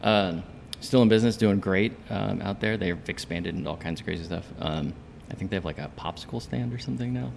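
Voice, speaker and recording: A man's voice: sits low, fairly quick, gravelly, few pauses, noisy background. A man chatting casually as a guest, talking in a rambling way with many fillers and hesitations. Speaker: coffee shop guest. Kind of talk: casual chat.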